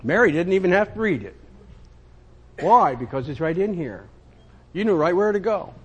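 A man's voice: high-pitched, animated, normal speed, breathy edge, muffled recording. A man preaching a sermon in an emphatic, repetitive way, speaking to himself as much as his listeners. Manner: emphatic, repetitive, self-including.

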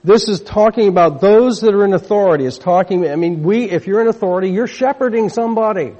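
A man preaches a sermon in a fairly high, mellow and slightly husky voice. He talks conversationally, often restarting his sentences and calling on the congregation to repeat after him. The recording is dull and lo-fi, with a long reverb from the church hall. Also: fast.

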